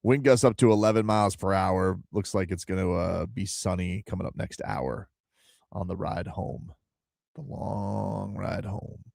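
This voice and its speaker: A man's voice: sits low, moderate pace, gravelly, darkish tone, no room sound, studio quality. A man hosting a sports talk radio show, chatting casually in a joking, playful way. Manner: joking, playful, singsong asides. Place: radio studio.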